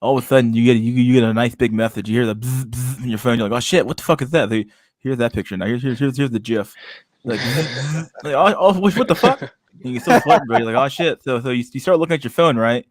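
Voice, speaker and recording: A man hosting a casual chat show, telling stories in an animated, profane way and acting out everyone's reactions. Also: mid-range voice, fast, dry recording. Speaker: podcast host.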